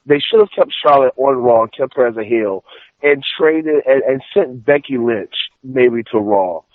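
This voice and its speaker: A man's voice: mid-range voice, moderate pace, no room sound. A man giving rambling, filler-heavy opinions as a podcast panelist. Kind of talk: casual podcast chat. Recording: dry phone-like line.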